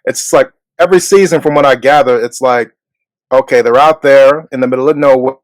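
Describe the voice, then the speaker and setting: A man co-hosting a casual podcast livestream, giving relaxed, wry commentary. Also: mid-range voice, fairly quick, no echo, rough recording. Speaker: podcast co-host.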